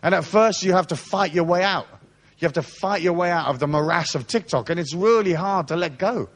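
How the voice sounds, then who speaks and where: A man's voice: high voice, a little fast. A man giving a live motivational talk to an audience, telling stories with lots of swearing and acting out the voices of the people in them. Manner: animated storyteller, swears freely and acts out quoted voices. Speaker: spiritual seminar speaker. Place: seminar hall.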